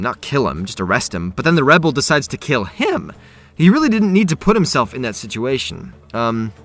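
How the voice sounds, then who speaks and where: A man's voice: medium pitch, fairly bright tone. A man casually talking through a video game quest, chatty and self-correcting as he goes. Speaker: gaming youtuber.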